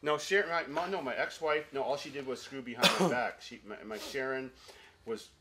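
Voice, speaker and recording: A man giving an interview, speaking in an aggrieved, halting way with many restarts. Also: mid-range voice, crowd noise. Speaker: documentary interviewee. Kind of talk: interview talk.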